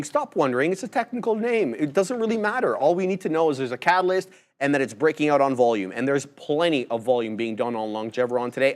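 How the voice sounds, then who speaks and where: A man co-hosting a live trading show, explaining price levels and trades in a relaxed, plain way. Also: a little high. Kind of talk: live market commentary.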